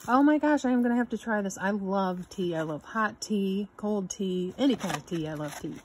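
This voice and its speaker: A woman's voice: mid-range voice, normal speed, a little mellow, breathy edge. A woman hosting her own channel, gushing and exclaiming as she unboxes a gift box. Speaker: channel host. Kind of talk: unboxing vlog.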